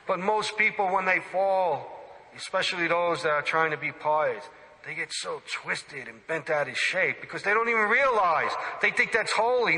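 A male priest preaching a sermon with a very bright, forceful voice, a little higher than most men. He is emphatic and animated, often putting questions straight to his listeners. His voice rings out in a church with a long reverb.

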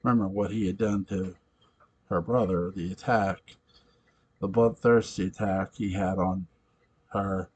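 A man reading a fan story aloud, slowly, with halting delivery and frequent self-corrections. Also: deep voice, fairly even intonation, a little mellow, breathy edge. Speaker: story reader.

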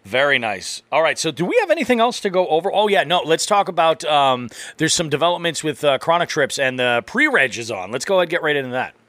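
An animated man co-hosting a casual podcast, telling stories with obvious amusement. His voice is bright and forward, and the recording is close and dry with no room sound. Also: on the high side, fast talker, few pauses, no room sound. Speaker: podcast co-host.

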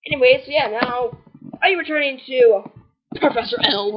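A woman's voice: high voice, a little fast. A woman giving casual, rambling and playfully snarky commentary while playing a video game. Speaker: gamer recording a walkthrough. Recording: dull lo-fi recording.

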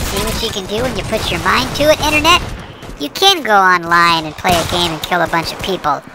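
A woman's voice: medium pitch, a little fast, noisy background. A woman giving casual commentary while she plays a shooter game, chatty and poking fun at herself as she talks to her viewers. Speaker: gamer. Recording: game music playing behind. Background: music and gunfire.

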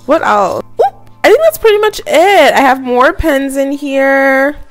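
Chatty young woman with a lively high voice. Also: unhurried, soft background music. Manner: chatty, lots of fillers and laughs. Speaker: student vlogger. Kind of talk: casual haul vlog.

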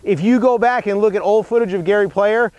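Brief: male golf instructor, fairly high voice, earnest and chatty, filmed outdoors. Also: a little fast, darkish tone, no echo, lo-fi sound. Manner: earnest, storytelling, some restarts. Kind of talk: instructional video. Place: outdoor golf practice area.

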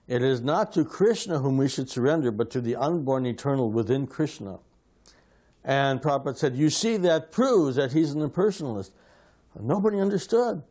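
Guy telling stories from way back, does the voices, medium pitch. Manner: animated, acts out quoted voices. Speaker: devotee sharing memories. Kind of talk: anecdotal storytelling.

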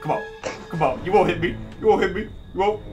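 A man's voice: high voice, lively intonation, quick pace, music in the background. A man chatting casually and muttering to himself while gaming, swearing and laughing at the action. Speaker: gamer.

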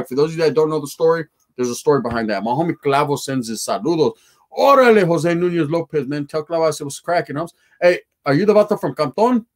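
A man hosting a casual livestream, reading viewer comments aloud in profane street slang mixed with Spanish words. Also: on the high side. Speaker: livestream host.

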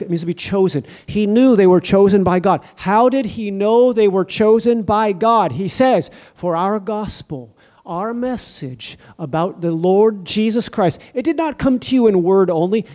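A male preacher with a strikingly high voice delivers a sermon. He prays and preaches fervently, hammering home his points with chains of repeated phrases. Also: mellow. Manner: fervent, emphatic repetition of phrases. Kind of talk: sermon with prayer.

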